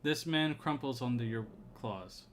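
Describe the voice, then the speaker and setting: A man acting as game master in a tabletop game, making rules calls in a relaxed, chatty way with plenty of fillers. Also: mid-range voice, measured pace, background noise. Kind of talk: running a tabletop game online.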